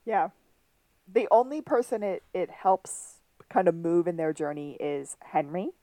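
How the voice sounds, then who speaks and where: A woman co-hosting a casual podcast, talking through an episode with a slightly low voice. The sound is dry and close, with no room around her. She tosses in quick quoted lines as she retells scenes. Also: expressive, warm tone, no echo. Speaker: podcast co-host. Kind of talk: casual episode recap chat.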